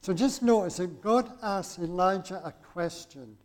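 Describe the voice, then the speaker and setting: A man's voice: high voice, lively intonation, unhurried. A man preaching a sermon and reading scripture aloud, in a conversational way that keeps asking the listeners rhetorical questions.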